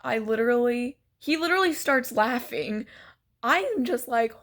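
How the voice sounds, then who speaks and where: A woman's voice: on the high side, normal speed. Chatty, giggly woman telling a story. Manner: chatty, giggly, lots of "like" and "so basically". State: sick. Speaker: vlogger. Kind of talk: storytime vlog.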